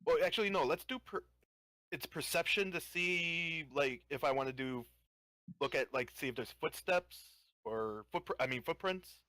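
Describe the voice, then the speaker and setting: Man, tabletop player, bright forceful voice, hesitant restarts, dry close sound. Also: fairly high pitch, normal speed, dry recording. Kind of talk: casual tabletop game chat.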